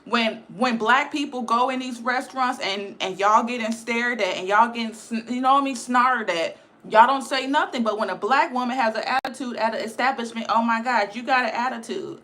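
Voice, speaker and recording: A woman's voice: a little high, fairly quick, few pauses, bright, forceful tone. A woman giving a blunt, emphatic casual livestream rant, repeating her points. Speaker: live streamer.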